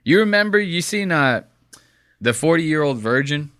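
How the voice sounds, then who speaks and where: A man giving casual, profane reaction commentary, animated and mocking as he talks. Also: fairly high pitch, moderate pace, clean tone, no room sound, studio quality.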